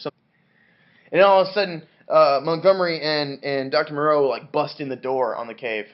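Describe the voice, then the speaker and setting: A man's voice: a little high, moderate pace, dull audio. A drunk man reviewing a classic novel, rambling and swearing, with many restarts and fillers. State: drunk on wine. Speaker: book reviewer. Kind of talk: rambling comic book review.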